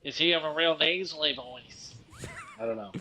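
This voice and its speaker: An American man co-hosting a casual comedy podcast. His voice sits a little high. He is laid-back and hesitant, often trailing off or answering in a word or two. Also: moderate pace, sharp tone. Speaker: podcast co-host.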